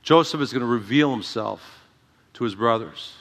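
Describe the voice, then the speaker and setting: A man's voice: mid-range voice, moderate pace, fairly bright tone, in a large hall. A man preaching an expository sermon, calling out for "Amen" and repeating words as he drives his points home. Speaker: pastor.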